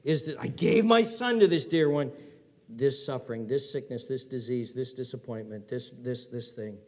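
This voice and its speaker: A preacher voicing God as earnest and protective, questioning himself about a loved one. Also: male voice, mid-range voice, normal speed, darkish tone, in a large hall, lightly acted. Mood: tender. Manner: pleading, earnest self-questioning.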